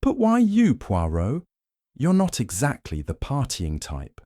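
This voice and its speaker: A man's voice: mid-range voice, huge pitch swings, a little slow, dark tone, no echo, clean studio sound, pitched above the performer's own voice. A man voicing a tall, honest ex-soldier companion who talks in a hearty, straightforward way in a storybook reading.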